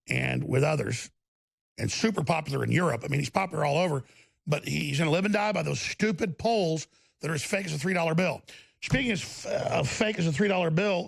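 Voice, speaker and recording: Texan guy ranting sarcastically, gravelly husky voice, pretty high. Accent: Texas. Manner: sarcastic, scornful. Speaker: political commentary host. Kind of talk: ranting commentary.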